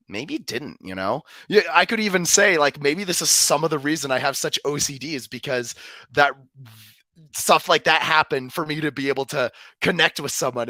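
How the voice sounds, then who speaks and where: A young man talks in a casual discussion, his voice bright and pointed. He wanders through his thoughts with fillers and false starts, recorded dry with no room sound. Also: medium pitch, dry recording. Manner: rambling, many fillers and restarts. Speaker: co-host.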